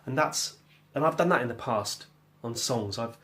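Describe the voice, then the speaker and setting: In his home kitchen, a musician vlogger chats casually about making music at home, rambling with jokey asides and bits of scat-singing. His voice is medium-pitched with a sharp tone at a normal speed.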